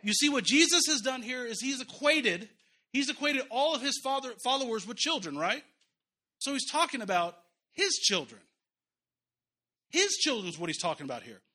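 A man's voice: very high voice, sing-song, normal speed, sharp tone. A man preaching a sermon in a church, talking conversationally with chuckles and repeated phrases. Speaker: pastor.

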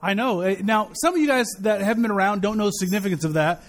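High-voiced man preaching conversationally. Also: quick pace. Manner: conversational, joking asides, frequent "uh" and restarts. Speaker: pastor. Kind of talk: sermon.

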